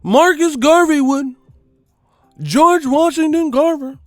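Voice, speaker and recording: A man voicing a whiny, high-pitched man who deflects every question with shrill, indignant interjections. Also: slow, no echo, studio quality, faint music behind.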